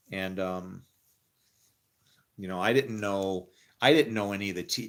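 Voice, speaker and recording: A man giving a rambling personal monologue, laughing often and trailing off into quiet mumbles. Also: lowish voice, vocal fry, slight background noise. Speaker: storyteller.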